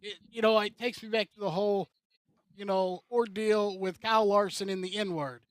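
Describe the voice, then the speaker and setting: A man's voice: high-pitched, steady tone, normal speed, no room sound. Opinionated man ranting about racing. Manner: rambling and opinionated, with filler-heavy restarts. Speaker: co-host commentator.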